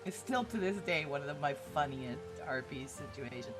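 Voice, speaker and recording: Blunt, animated woman podcast host. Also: sits low, normal speed, music in the background. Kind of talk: casual podcast chat.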